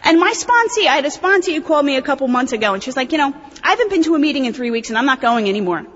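A woman, giving a blunt, animated, profane recovery talk at a convention. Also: sits high, racing. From New Jersey. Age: 30s. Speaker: AA convention speaker. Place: convention hall. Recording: dull recording in reverberant hall.

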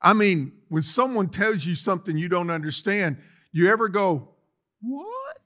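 A man preaching a sermon as lead pastor in a church, swinging from loud declarations to soft asides. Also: high-pitched, normal speed. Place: church sanctuary.

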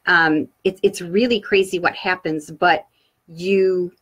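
A woman's voice: on the low side, fairly even intonation, slow pace, fairly bright tone, husky. A woman speaking as a guest expert, giving upbeat coaching tips straight to viewers in a live online session.

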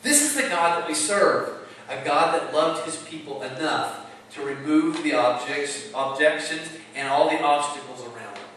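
A pastor with a fairly high, animated voice preaches at a moderate pace, emphatic and conversational, tossing out rhetorical questions. His tone is slightly bright, and the distant mic in an echoey hall picks up slight background noise.

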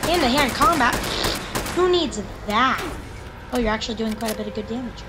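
A woman hosting a gaming channel chatters to herself during gameplay commentary in a high-ish, expressive voice at a brisk pace, sounding jittery, panicky and playful. Loud game gunfire and ambience sit under her voice as background noise.

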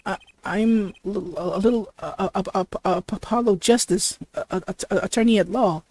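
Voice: mid-range voice, normal speed, darkish tone, natural voice. Someone doing a flustered young lawyer. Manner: hesitant and flustered, with heavy stutters. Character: young male defense attorney, nervous. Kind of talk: reading game dialogue aloud.

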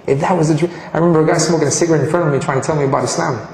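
A man from Colombia telling his personal story in an animated way, often restarting his sentences. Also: a little high, rapid-fire, slight background noise. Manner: animated, frequent restarts and fillers. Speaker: convert giving a testimony. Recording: echoey hall with long reverb.

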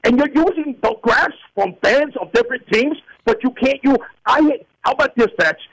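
A radio host playing a ranting, crude Yankees fan caller in a comedy sports radio bit. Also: male voice, very high voice, normal speed, gravelly, a bit bright, full character voice, rough recording. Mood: scheming. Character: furious loudmouth male New York Yankees fan caller.

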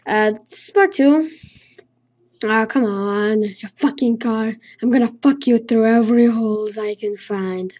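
A woman speaking English as a second language talks through a horror game in a slow, somewhat high voice. She is jittery and swears constantly, humming nonsense syllables to steady her nerves. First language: not English. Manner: jittery, swears a lot, hums nonsense to stay calm. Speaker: let's play gamer.

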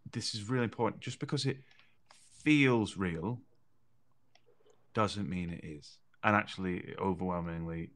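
A man's voice: low voice, a little slow, pauses often, a bit bright. A man co-hosting a podcast, talking earnestly and repeating phrases for emphasis. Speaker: podcast co-host. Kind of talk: casual conversational chat.

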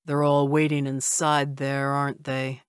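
A woman reading an audiobook voices a solemn male vampire who speaks in a low, measured way. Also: completely flat delivery, clear, resonant tone, no echo, studio quality, close to an everyday voice. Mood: grave. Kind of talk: audiobook character voice.

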